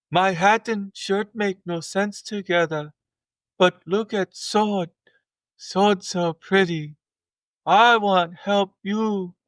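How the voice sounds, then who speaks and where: A man doing a young boy fighter with a high, lifted voice, talking in slow, halting broken English with no real accent. It sounds earnest and a little clumsy, and it is recorded dry and close as a comic podcast bit. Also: no echo.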